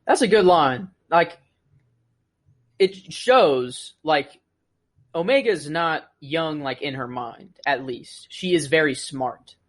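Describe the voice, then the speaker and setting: A young man co-hosting a podcast, talking in an excited, rambling way with many fillers. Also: fairly high pitch, slow pace. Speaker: podcast co-host. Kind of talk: casual podcast chat.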